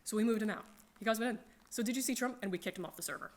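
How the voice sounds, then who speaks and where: Woman telling lively gaming stories. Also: a little high, rapid-fire. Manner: animated, laughs often, acts out friends' lines. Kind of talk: casual storytelling to a crowd.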